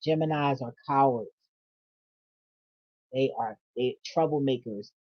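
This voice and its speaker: A woman's voice: a bass voice, unhurried. A woman doing a casual tarot reading vlog, blunt and profane, with laughing asides. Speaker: tarot reader. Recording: dull lo-fi audio.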